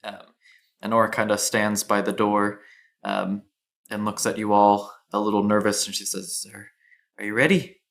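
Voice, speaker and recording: A man's voice: fairly low pitch, completely flat delivery, moderate pace, vocal fry, a bit bright. A man narrating a tabletop fantasy game as game master, hesitant, with many ums and restarts.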